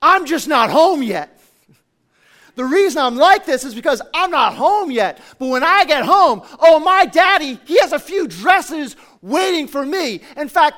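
A man voicing a poorly dressed little girl who answers a rich girl calmly and with quiet pride. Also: high voice. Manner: builds from quiet to exultant shouting. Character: poor shabby little girl, calm and quietly proud.

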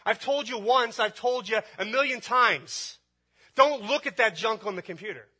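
A man acting out a harsh parent scolding his child, loud and exasperated. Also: on the high side, breathy edge.

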